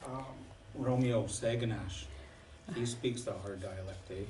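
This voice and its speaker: A man's voice: on the low side, a little slow, warm tone, recorded from a distance, slight background noise. A man chatting casually during a language lesson, telling short anecdotes with fillers. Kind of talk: casual chat. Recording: roomy, from off-mic.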